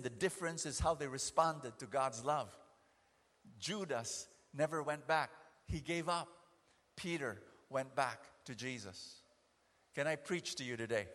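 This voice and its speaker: A man preaching a sermon, animated, acting out scenes and often restarting his sentences. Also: on the high side, long reverb tail.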